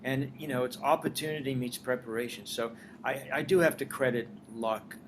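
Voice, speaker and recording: An older man in Los Angeles, a writer-director and former singer, tells stories from his career in a casual interview. He's an animated storyteller who acts out the dialogue he quotes. His voice is medium-pitched at a moderate pace, with a little hiss or hum.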